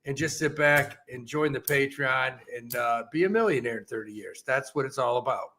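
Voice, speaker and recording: A man's voice: medium pitch, moderate pace, pushed and bright, slight background noise. A man co-hosting a comedy podcast, bantering bluntly and pushing his opinions in casual chat. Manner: blunt, pushy, riffing. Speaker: podcast co-host.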